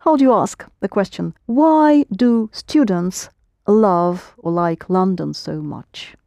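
A woman's voice: mid-range voice, takes it slowly, gravelly, mellow, no echo. A woman teaching a Russian lesson in English, patiently correcting her students' pronunciation. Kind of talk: language lesson.

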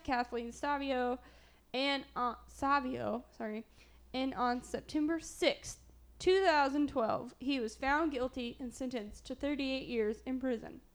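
A young woman from Southern Illinois hosting a casual true-crime podcast, chatty with trailing fillers. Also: high voice. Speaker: podcast host.

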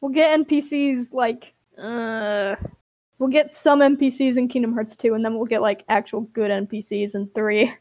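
High-voiced giggly woman retelling a story. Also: steady tone, normal speed, darkish tone. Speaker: podcast host. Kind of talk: casual chat.

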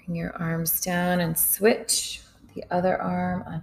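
Slow, gravelly-voiced woman leading yoga. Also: lowish voice, low-quality recording. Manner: calm, soft, counting breaths aloud. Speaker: yoga instructor. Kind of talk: guided yoga and breathing instruction.

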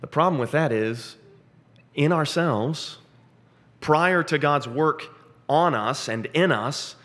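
A man preaching an expository sermon, earnest, asking rhetorical questions and slowing down to stress key phrases. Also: fairly high pitch, fairly bright tone.

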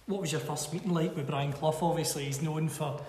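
A man's voice: fairly high pitch, fairly even intonation, a little fast, a little mellow. A man interviewing a guest in a conversational way, asking leading questions. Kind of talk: casual interview. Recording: distant mic in echoey room, long reverb.

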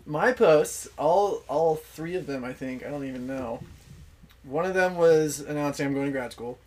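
A man's voice: on the high side, moderate pace, darkish tone. A young man as a podcast guest, chatting casually, laughing easily and explaining things with lots of fillers. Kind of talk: casual chat.

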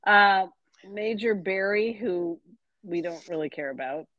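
A young woman co-hosting a book podcast, casually recapping a plot with relaxed fillers. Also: medium pitch, a little slow, dry recording. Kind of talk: casual chat. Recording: slightly dull, lo-fi sound.

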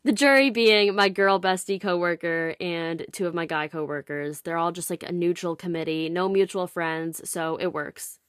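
A young woman in her twenties hosts a podcast and tells a dating story straight into a close microphone. Her voice sits a little low for a woman, and the sound is dry and close, with no room echo. She talks frankly and sarcastically and swears freely. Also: fairly even intonation, normal speed, hardly any pauses, fairly bright tone, clear, resonant tone. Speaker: podcast host. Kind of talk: casual storytelling monologue.

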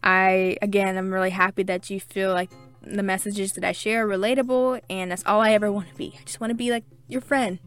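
Young adult woman, podcast host, warm-hearted gushing read of listener reviews, medium pitch, light music bed. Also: flat delivery, brisk, clean tone. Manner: gushing, grateful, chatty with many fillers. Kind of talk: reading listener reviews aloud.

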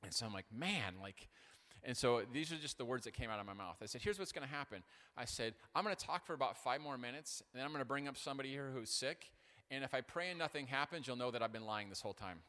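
A male pastor delivering an animated sermon with self-deprecating humor, his voice bright and forceful. He stumbles through fillers and restarts as he tells stories. A long reverb trails off each phrase in the big hall. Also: mid-range voice, fast talker. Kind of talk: sermon with storytelling.

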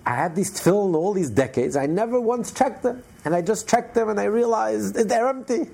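A man's voice: high-pitched, lively intonation, moderate pace, creaky, warm tone, husky, voice pushed up, exaggerated voice. A man voicing an older man who cries out in lament over his lifelong mistake. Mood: wailing. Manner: crying out in lament.

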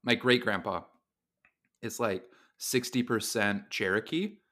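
A man's voice: on the low side, expressive, measured pace, pushed and bright. A man co-hosting a comic podcast, chatting casually with wry, joking asides. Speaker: podcast co-host. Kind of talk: casual chat.

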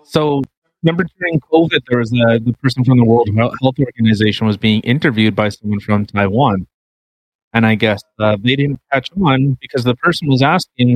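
A man's voice: mid-range voice, fairly quick, dry recording, poor audio. A man co-hosting a casual podcast, reading a news article aloud, swearing freely and breaking into laughter. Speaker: podcast co-host.

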